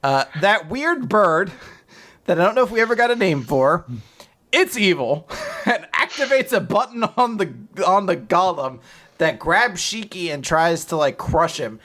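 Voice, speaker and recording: A man casually recapping a comic chapter, swearing freely and slipping into quick silly voices for the characters. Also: high-pitched, big pitch swings, a bit bright. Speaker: podcast co-host recapping manga. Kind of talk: casual chat.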